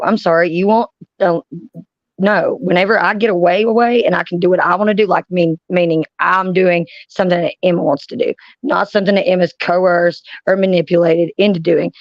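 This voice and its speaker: A woman's voice: lowish voice, no room sound, muffled recording. A woman, talking casually on a live panel stream and telling blunt, profane stories.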